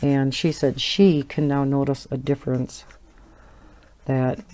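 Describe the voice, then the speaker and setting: Slow, mellow-voiced Wisconsin woman chatting. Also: a bass voice, level tone. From Wisconsin, USA. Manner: chatty, rambling, laughs often. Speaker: coloring channel host. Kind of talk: casual chat while coloring.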